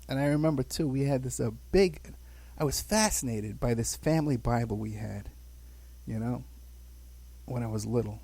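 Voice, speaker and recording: A man's voice: medium pitch, gravelly, a little mellow, slightly rough. A man in his sixties from the Bronx, telling rambling childhood stories in a casual podcast chat, chuckling and saying "you know" a lot. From the Bronx, New York. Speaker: guest recounting his childhood.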